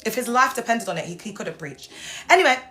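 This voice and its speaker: Young woman ranting on a live stream, mocky and taunting, bright sharp voice, bit high. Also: very animated, fast talker, faint music behind. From United Kingdom. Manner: mocking, taunting, swings between mock-proper and street slang. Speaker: livestream host. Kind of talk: unscripted live commentary.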